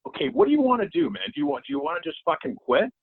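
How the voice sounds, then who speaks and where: A middle-aged man appears as a guest on a podcast, chatting casually in an interview while swearing freely and repeating himself. His husky voice is a little high, sing-song, and racing. The line sounds tinny and phone-like, with a dry recording.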